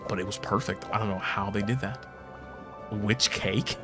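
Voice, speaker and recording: A man in his late twenties streams a game and chats casually, often joking, swearing and laughing. His voice is fairly low at a moderate pace, with music in the background.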